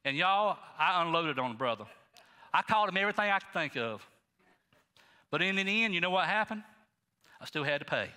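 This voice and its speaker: Animated high-voiced male pastor preaching. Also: fairly quick, long pauses, clean tone, long reverb tail. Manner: folksy, animated preaching with asides to the congregation. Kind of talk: sermon. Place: church sanctuary.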